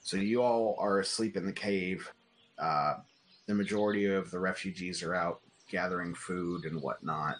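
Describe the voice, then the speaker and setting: A man's voice: sits low, steady tone, moderate pace, a bit bright. A man narrating as game master in a casual, loosely improvised way, full of fillers, with faint noise behind.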